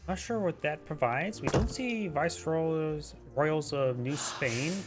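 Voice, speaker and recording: A man's voice: a little high, measured pace. A man casually commentating a strategy game replay, rambling and stumbling over unit names. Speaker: game caster.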